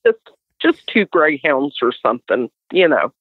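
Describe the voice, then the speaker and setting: A middle-aged woman with a West Virginian accent, telling a story as an animated guest. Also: low-pitched, measured pace, slightly rough, no room sound. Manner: animated storyteller, acts out others' voices. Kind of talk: casual storytelling. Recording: tinny dry phone line.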